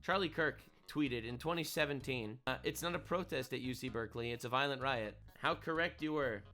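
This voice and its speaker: A man's voice: mid-range voice, brisk, sharp tone, soft background music. A man giving casual reaction commentary, sarcastic and indignant, often repeating his phrases. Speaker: online commentator.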